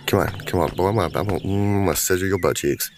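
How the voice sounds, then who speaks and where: A man's voice: sits low, very fast, over a noisy crowd. A man hosting a gaming channel, giving goofy, crude gameplay commentary and slipping into silly voices. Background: game music and sounds.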